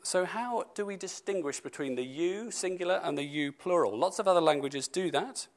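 A man preaching a sermon to his church, stressing key words and slowing down for scripture. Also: high-pitched, creaky. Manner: emphatic, slows down for scripture, speeds up for asides.

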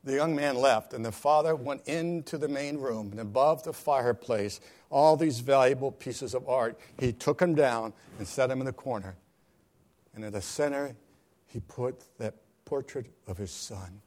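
A male pastor telling a story in a sermon, dramatic, swinging from hushed tones to loud cries. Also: mid-range voice, moderate pace.

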